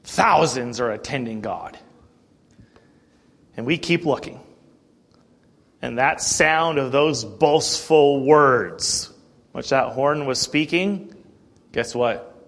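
A male pastor giving a conversational sermon, plain-spoken, asking the congregation rhetorical questions and often clearing his throat. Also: medium pitch, slow pace, long pauses, fairly bright tone.

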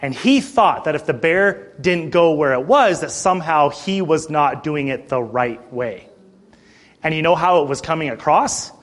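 A thirtysomething pastor speaks at a moderate pace in a slightly high voice. Preaching his sermon, he narrates a story directly to the congregation, becoming increasingly animated and fired up.

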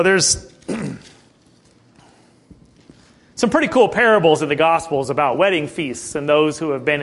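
A fairly high-voiced American man leading a relaxed Bible study. He reads scripture aloud, then drops into easy talk, checking in with his listeners and clearing his throat now and then. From United States. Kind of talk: casual Bible study teaching and scripture reading.

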